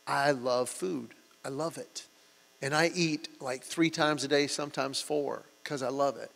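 A man's voice: mid-range voice, a little slow, gravelly. A man preaching a sermon, telling stories and acting out quotes as he goes. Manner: storytelling, with lively acted-out quotes. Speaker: pastor. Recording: hall reverb and mains hum.

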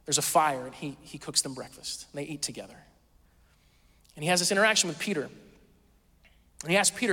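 Pastor guy telling stories in a sermon, bright edgy voice, kinda high, long hall echo. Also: expressive, brisk, pauses often, husky. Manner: storytelling, conversational with quoted voices.

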